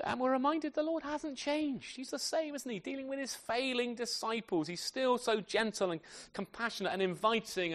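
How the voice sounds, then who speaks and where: A man preaching a sermon to a congregation with children, asking tag questions and swinging from loud emphasis to soft, quiet phrases. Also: extremely high pitch. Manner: animated, asks tag questions often.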